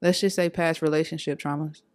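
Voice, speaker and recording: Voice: medium pitch, fairly even intonation, brisk, a little mellow, dry recording, studio quality. A podcast co-host in casual chat, posing questions and answering with short affirmations.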